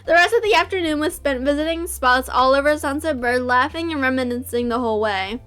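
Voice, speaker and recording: A woman reading a visual novel aloud and reacting, excitable and gushing, often shrieking with delight. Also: high voice, brisk, faint music behind.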